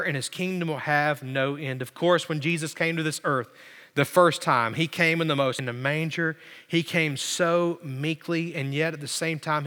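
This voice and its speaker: A man preaching a sermon as pastor, swinging from loud, climbing emphasis down to low, quiet stretches. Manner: preaching with big swings in pitch and loudness. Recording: long hall reverb.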